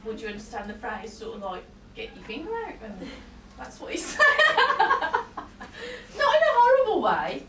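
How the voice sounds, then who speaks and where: A woman's voice: high voice, wildly swooping pitch, measured pace. Chatty woman in an echoey hall. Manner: chatty, laughs often, apologetic asides. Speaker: psychic medium. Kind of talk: live audience reading. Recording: roomy hall, distant mic, faint noise.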